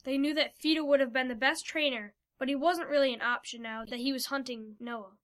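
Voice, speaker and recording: Bright, high-voiced woman narrator. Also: steady tone, brisk. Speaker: story narrator. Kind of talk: storybook narration.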